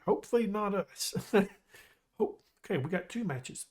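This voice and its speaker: A man casually commentating his own football management game, chatty and excitable, joking with his viewers. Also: sits high, normal speed. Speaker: gaming YouTuber.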